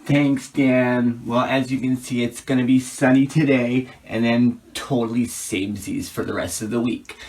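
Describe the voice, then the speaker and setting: Lady playing a sassy weather girl, low voice, mic far away. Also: fairly even intonation, moderate pace, hardly any pauses, a little mellow. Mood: breezy. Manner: breezy, cheeky. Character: chirpy, catty female weather presenter.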